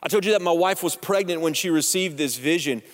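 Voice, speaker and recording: High-voiced man preaching in reverberant hall. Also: fairly quick. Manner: conversational, joking, storytelling. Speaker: pastor. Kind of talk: sermon with personal story. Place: church sanctuary.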